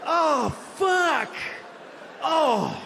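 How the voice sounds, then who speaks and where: A man's voice: extremely high pitch, very animated, very slow, gravelly, pushed and bright, big-room sound, slight background noise. A man speaking in a strained, whimpering voice that breaks.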